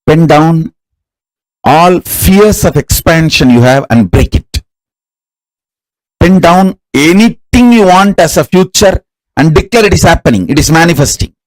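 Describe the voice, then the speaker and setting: A man as a spiritual teacher giving a guided meditation in slow, measured commands. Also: fairly high pitch, animated, low-quality recording.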